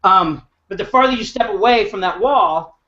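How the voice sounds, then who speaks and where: High-voiced man on a muffled call. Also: animated, moderate pace, pushed and bright. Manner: agreeable, encouraging, with fillers. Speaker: host. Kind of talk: casual group video chat. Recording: dull lo-fi video call audio.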